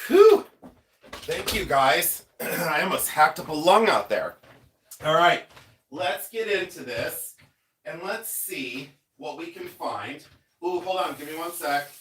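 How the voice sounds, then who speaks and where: Casting: middle-aged male livestream host, stuffy-nosed and rambling, voice sitting a bit high. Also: animated, slow, fairly bright tone, husky. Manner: chatty, rambling, thanks viewers often. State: congested, sniffly from sinuses. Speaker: livestream host, jewelry collector. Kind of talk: casual live-stream chat.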